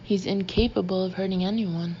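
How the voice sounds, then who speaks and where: A woman's voice: medium pitch, steady tone, brisk, mellow, highs cut off, slight background noise, lightly acted. A woman voicing a fervent, insistent middle-aged mother with a Southern accent, pleading emphatically in an audiobook.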